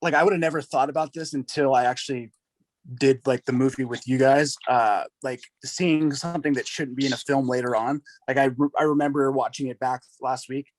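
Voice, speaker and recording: A man's voice: mid-range voice, steady tone, a little fast, no room sound. A man chatting casually as a podcast guest about a film he enjoys, easygoing and enthusiastic. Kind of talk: casual movie discussion.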